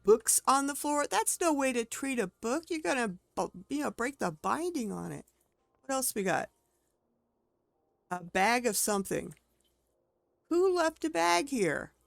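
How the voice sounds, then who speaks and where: A woman's voice: high-pitched, big pitch swings, a little slow, vocal fry, pauses often, no room sound. A woman streaming a video game, talking casually as she plays, thinking aloud and exclaiming at what she finds. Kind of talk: casual gameplay commentary.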